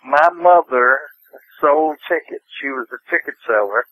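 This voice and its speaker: Slow-talking older man. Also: a little high, expressive, pushed and bright, no echo, low-quality recording. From Nashville, Tennessee. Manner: unhurried, rambling storyteller. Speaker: interview guest. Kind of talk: casual interview.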